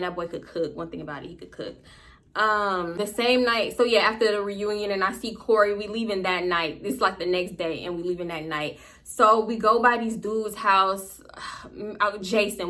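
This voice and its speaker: Bright-voiced young woman telling a story. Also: mid-range voice. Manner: candid, animated, profane storytelling. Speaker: storytime vlogger. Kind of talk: casual storytime monologue.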